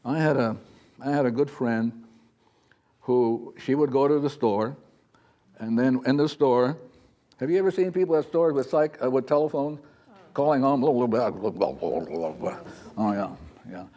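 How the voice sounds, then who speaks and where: A spiritual teacher gives an informal talk to a live audience, rambling in a loose, chatty way and often acting out little quoted voices. His voice is medium in pitch and dark in tone, with a moderate pace and long pauses.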